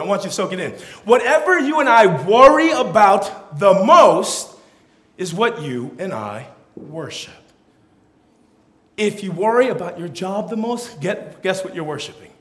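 A young man preaching to a gathered crowd, his voice high and bouncing all over its range. He tells stories with playful acted-out lines between his points. The sound carries a roomy hall echo. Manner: animated, playful, acts out quotes with voices. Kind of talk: sermon. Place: hall or church with an audience.

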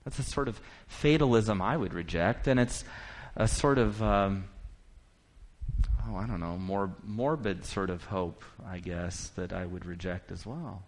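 In a low-pitched voice, a male preacher starts out quietly reflective and builds toward forceful proclamation. Passages of scripture come out in rapid bursts.

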